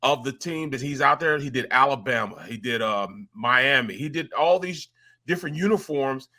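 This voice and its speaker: A man's voice: mid-range voice, lively intonation, moderate pace, sharp tone. A man from St. Louis hosting casual sports talk, laid-back and rambling. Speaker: host.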